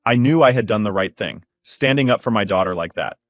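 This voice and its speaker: Low-voiced man telling an angry story. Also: lively intonation, a little fast, no room sound, clean studio sound, faint music behind. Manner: emphatic, casually swearing. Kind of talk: first-person story narration.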